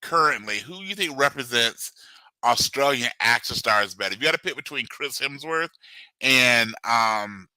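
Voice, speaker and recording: Middle-aged male co-host, jokey riffer, very bright voice. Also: medium pitch, expressive, no echo, poor audio. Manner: jokey, riffing, quick asides. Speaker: podcast co-host. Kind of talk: casual chat.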